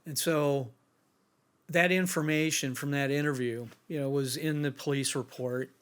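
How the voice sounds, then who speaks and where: A middle-aged man telling a personal account on a podcast, halting and restarting often as he quietly retells something painful. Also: fairly high pitch, fairly even intonation, clear, resonant tone. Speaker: bereaved father and guest.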